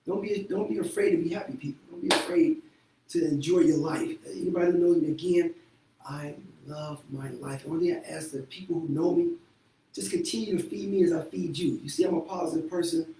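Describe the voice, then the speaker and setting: Host-therapist, male, blunt and profane, high voice, distant mic in an echoey room. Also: a little fast, mellow. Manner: blunt, profane, laughing often. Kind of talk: candid casual talk. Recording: echoey room from far off with faint noise.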